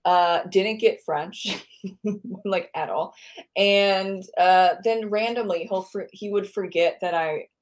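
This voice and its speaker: An American woman from the United States hosts a podcast, speaking slowly in a medium-pitched voice. Her casual interview chat rambles, and she often corrects herself mid-thought.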